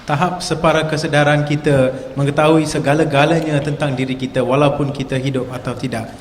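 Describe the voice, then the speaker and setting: A man's voice: a little high, flat delivery, fast talker. A man interpreting a lecture live, fluent with small restarts. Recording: echoey hall with faint noise.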